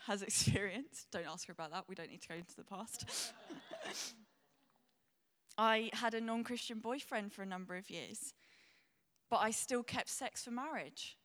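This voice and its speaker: A young woman preaching a sermon, earnest and candid, tearful as she speaks. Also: a little high. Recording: long hall reverb.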